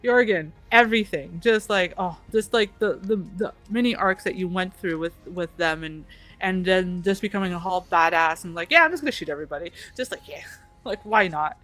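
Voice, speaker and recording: A woman's voice: lowish voice, moderate pace, fairly bright tone. A woman game master wraps up a tabletop session, praising each player in loose, rambling chat. She talks with constant fillers and restarts. Faint music plays behind her. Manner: gushing, full of fillers and restarts. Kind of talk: post-game wrap-up chat.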